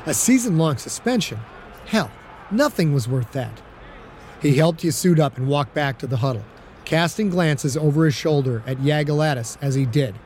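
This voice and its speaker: A man narrating an audiobook in a steady storytelling manner. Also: on the high side, normal speed, a little hiss or hum.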